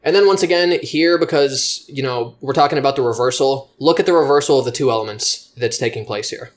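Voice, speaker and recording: A man's voice: mid-range voice, a little fast. A man teaching comedy writing in a loose, rambling way, swearing freely and poking fun at himself. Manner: loose and rambling, self-deprecating. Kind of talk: casual spoken explanation.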